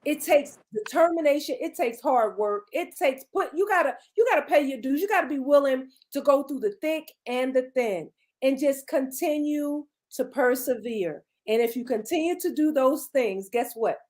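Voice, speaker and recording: A woman's voice: high-pitched, expressive, normal speed, hardly any pauses, darkish tone. A middle-aged woman guest, a beauty coach, giving encouraging, repetitive pep talk with a preachy cadence. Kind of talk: casual motivational chat.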